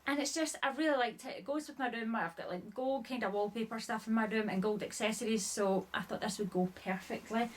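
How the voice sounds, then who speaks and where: A woman's voice: a little high, a little fast, few pauses. A woman chatting casually through a haul video, a little out of breath, rambling and apologizing often, filling her sentences with "like". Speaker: haul vlogger. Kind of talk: casual chat showing items.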